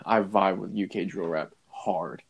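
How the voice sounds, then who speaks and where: A man's voice: low voice, fairly even intonation, measured pace, gravelly, slightly rough. A young man in casual chat, rambling with lots of fillers and restarts, laughing often.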